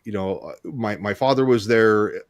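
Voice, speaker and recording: A man co-hosting a show, telling a story in a casual, halting way with many restarts and "you know"s. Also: lowish voice, lively intonation, dry recording, studio quality. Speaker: co-host hypnotist.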